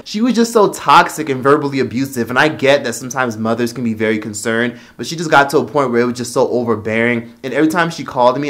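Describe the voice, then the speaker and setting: Brief: a man of middle pitch, casual vlog rant, blunt and profane. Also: animated, fast, hardly any pauses, fairly bright tone. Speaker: vlogger.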